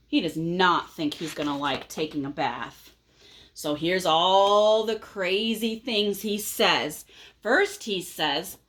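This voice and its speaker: A woman reading a picture book aloud to children, pausing to ask them questions in a gentle, teacherly way. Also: medium pitch, big pitch swings.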